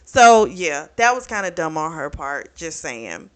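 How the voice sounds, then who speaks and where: Speaking at a measured pace in a low voice, this woman runs through a book's plot in a relaxed, talkative way. She swears often and leans on plenty of fillers as she reviews it.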